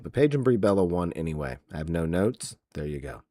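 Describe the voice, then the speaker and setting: A man with a low, gravelly voice hosts a casual recap show, mocking and swearing as he rambles along. The sound is dry and close, with no room in it. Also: sing-song, fast, warm tone, no echo. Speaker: podcast host. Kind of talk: casual comedic wrestling recap.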